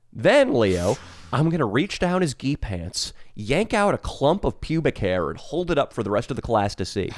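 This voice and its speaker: Young man, podcast co-host, boastful storyteller, lively pitch, dry close mic. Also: no room sound. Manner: animated, boastful, tells stories with comic escalation. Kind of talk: casual chat.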